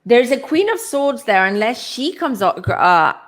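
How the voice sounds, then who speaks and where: A woman's voice: fairly high pitch, big pitch swings, unhurried. A woman reading tarot cards as a guest, musing aloud and searching for her words. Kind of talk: casual tarot reading chat.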